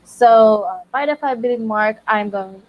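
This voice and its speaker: A woman's voice: fairly high pitch, normal speed, highs cut off, slight background noise. A woman in her thirties hosting a casual writing livestream, bubbly and greeting viewers by name. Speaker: livestream host.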